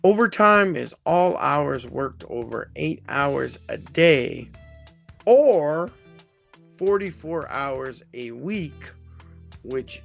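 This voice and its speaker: Unhurried male HR host with a gravelly voice, rambling and self-correcting as he chats on a stream. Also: on the high side, expressive, soft background music. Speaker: HR consultant host. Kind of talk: casual live-stream explainer.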